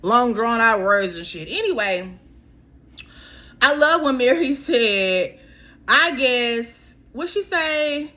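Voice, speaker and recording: A woman's voice: medium pitch, slow. A woman recapping a reality show in a casual, exasperated way, talking straight to the cast and calling them girl. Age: adult. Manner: animated, exasperated, talks straight to the cast, keeps saying girl.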